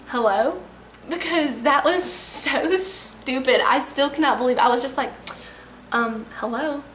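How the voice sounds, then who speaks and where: A young woman vlogger with a fairly high voice tells a personal story in a chatty, rambling way, leaning on "like" constantly. She sounds roomy and echoey, with a faint hiss of ambience behind her. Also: a bit bright. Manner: chatty, filler-heavy retelling with lots of "like". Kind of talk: storytime vlog.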